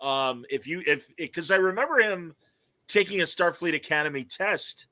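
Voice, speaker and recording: A man hosting a podcast in casual chat, animated and laughing as he acts out quoted lines and reads comments aloud. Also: fairly high pitch, moderate pace, no echo. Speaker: podcast host.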